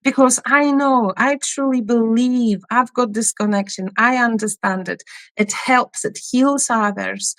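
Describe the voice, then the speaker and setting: A middle-aged woman with a Polish accent tinged with Scottish, speaking slowly and hesitantly with many fillers as a therapist guest on a podcast. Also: fairly high pitch, a bit bright, no echo. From Poland. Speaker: guest, family constellation therapist. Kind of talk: podcast interview.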